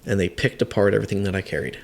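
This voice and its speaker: A very deep-voiced man in his fifties tells a story in a relaxed interview. He is a firefighter, candid and self-deprecating, and he often stops to restart with fillers along the way. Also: gravelly. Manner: halting, many fillers and restarts. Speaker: firefighter guest.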